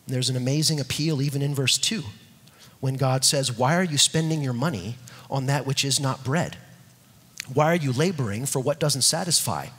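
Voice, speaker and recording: A man preaching a sermon, emphatic and repetitive, dropping to soft low tones when reading scripture. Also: moderate pace. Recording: long hall reverb, husky.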